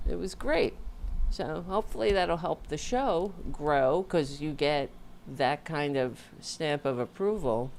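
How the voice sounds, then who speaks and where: A woman's low, slightly mellow voice comes through with slight background noise. As host of her own livestream show, she chats casually from home, tired and rambling with self-interruptions, on a home mic with an audio interface.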